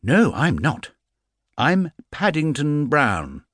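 High, slow-spoken earnest young bear, put on by a man, polite storybook hero. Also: huge pitch swings, a bit bright, no echo, clean studio sound, heavily acted.

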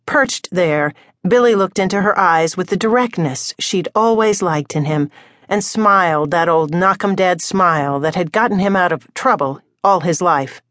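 Slightly low-voiced woman reading a novel. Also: a bit bright, dry recording, clean studio sound. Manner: measured storytelling. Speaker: audiobook narrator. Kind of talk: scripted narration.

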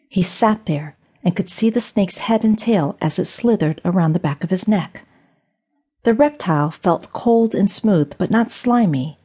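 Husky woman narrating a storybook. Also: fairly low pitch, a little mellow. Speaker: audiobook narrator. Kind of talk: scripted narration.

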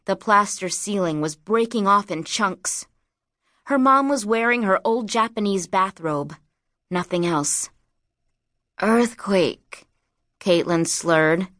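A woman narrating an audiobook in a measured, dramatic storytelling manner. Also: medium pitch, a bit bright, dry recording, clean studio sound.

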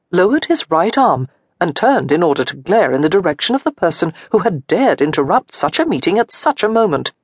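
A woman narrating an audiobook in a measured, expressive storytelling manner. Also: on the low side, slightly rough, dry recording, clean studio sound. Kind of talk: scripted narration.

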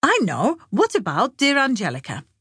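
Brief: woman reading as an anxious, eager-to-please woman in her sixties, voice lifted higher. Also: wildly swooping pitch, moderate pace, fairly bright tone, slightly rough, no room sound, clean studio sound, full character voice. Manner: fretful, higher-pitched. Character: fussy, anxious sixty-five-year-old daughter-in-law.

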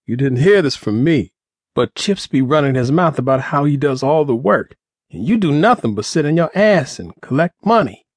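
A man voicing a cocky, scheming teenage street boy who talks quick and pushy. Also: a little high, expressive, breathy edge, dry recording, studio quality, pitched above the performer's own voice. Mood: urgent.

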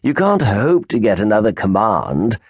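A man's voice: on the low side, sing-song, normal speed, husky, dry recording, dull audio, heavily acted. A man voicing a supercilious, sneering male naval officer in an audiobook. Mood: mocking. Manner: sneering, condescending.

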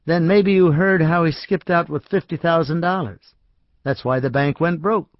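A chatty small-town businessman with a folksy drawl, voiced by a male storyteller. He talks in homespun, easygoing phrases, pitched a little up. The recording is dry and slightly dull, like a close studio read. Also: normal speed, no room sound, close to an everyday voice.

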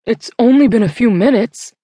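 A woman's voice: on the high side, moderate pace, warm tone, no echo, clean studio sound, pitched above the performer's own voice, lightly acted. A woman doing a desperate teenage boy. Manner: uneven, pleading, strained. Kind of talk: audiobook character voice.

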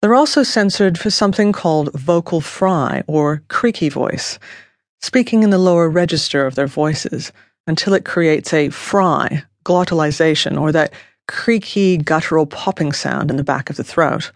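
A woman narrating her own nonfiction book in a measured, even reading style. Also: deep voice, no echo, clean studio sound.

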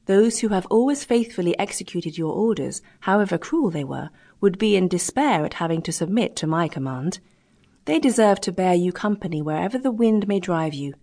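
A woman reading an audiobook, voicing a defiant male mutineer leader who speaks roughly and accusingly. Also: on the low side, expressive, normal speed, mellow. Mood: bitter accusing.

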